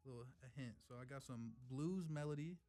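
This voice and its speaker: A man talking as a producer guest on a podcast. He speaks softly and easily, often trailing off quietly. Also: mid-range voice, brisk, faint music behind. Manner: soft-spoken, relaxed, laughs often. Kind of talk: casual interview chat.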